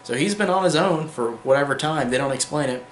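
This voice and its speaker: A man's voice: fairly high pitch, brisk, roomy sound, a little hiss or hum. A young man reviewing films in a casual monologue, enthusiastic and rambling with lots of fillers. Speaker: film reviewer.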